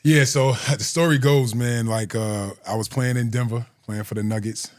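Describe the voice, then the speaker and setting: A man's voice: medium pitch, steady tone, moderate pace, no echo, studio quality. A man in his forties, a guest telling stories in a loose, profane way and laughing through them. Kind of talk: casual storytelling.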